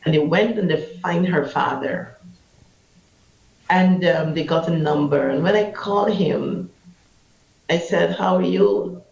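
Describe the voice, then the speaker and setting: A woman's voice: sits low, measured pace, gravelly, pauses often, darkish tone. A Guyanese woman, an anti-trafficking activist, telling a personal story in an interview with passion, acting out what people said. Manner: impassioned, vivid storyteller acting out quotes. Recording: roomy, slightly muffled.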